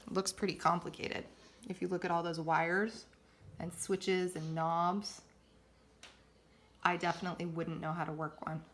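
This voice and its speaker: A woman teacher reading a picture book aloud at home and pausing to explain vocabulary patiently. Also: on the low side, a bit bright, a little hiss or hum.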